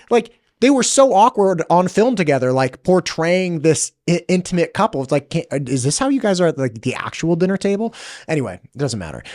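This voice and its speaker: A man in his forties hosting a podcast interview, talking in a casual, animated way with rambling tangents and lots of fillers. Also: a little high, dry recording, studio quality. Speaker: podcast host.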